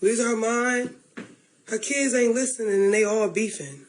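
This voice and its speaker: A woman's voice: on the high side, moderate pace. A woman on a livestream, rambling emotionally about family and talking straight to her viewers. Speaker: livestreamer in a played clip.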